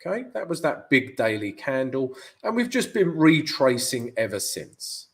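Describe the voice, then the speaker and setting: A man's voice: medium pitch, sing-song, measured pace. A man from the UK with a London accent hosts a live forex stream. He answers viewers' questions in a chatty way and keeps calling them "guys". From United Kingdom. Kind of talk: live market analysis and viewer Q&A.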